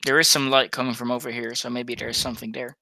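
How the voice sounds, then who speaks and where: A man playing a tabletop game who thinks aloud about his next move in an offhand way. His tone is very bright and sits at a middle pitch. The sound is close and dry. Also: level tone, fast talker, no room sound. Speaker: player. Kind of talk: casual tabletop game chat.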